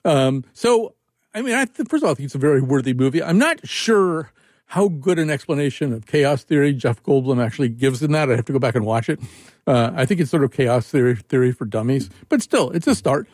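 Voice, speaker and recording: A man's voice: medium pitch, animated, brisk, darkish tone, dry recording, clean studio sound. A man hosting a radio talk show, rambling and joking, with frequent restarts. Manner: rambling, self-interrupting, jokey. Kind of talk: casual radio chat.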